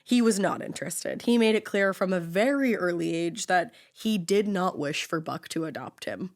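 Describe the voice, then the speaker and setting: A woman's voice: lowish voice, expressive, normal speed. A young woman co-hosting a podcast, telling a true-crime story in casual chat with sarcastic asides and casual swearing.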